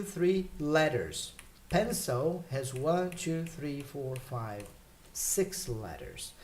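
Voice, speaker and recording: A man teaching English vocabulary in a relaxed, explanatory way, pausing with fillers and checking in with "okay?" and "right?". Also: a little high. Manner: explains slowly with many fillers and check questions. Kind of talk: casual spoken lesson.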